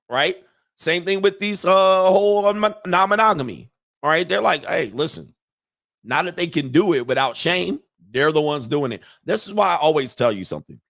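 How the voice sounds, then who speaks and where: A man's voice: fairly high pitch, creaky, no room sound, studio quality. Blunt, slangy middle-aged man. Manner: blunt, slangy, profane, animated. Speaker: host reacting to interview clips. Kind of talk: casual commentary.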